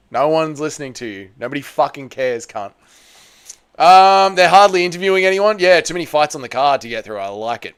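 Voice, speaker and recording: A man's voice: a little high, lively intonation, fairly quick, a little hiss or hum. A man hosting a casual livestream, reading out chat messages and answering with crude, teasing banter. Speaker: livestream host.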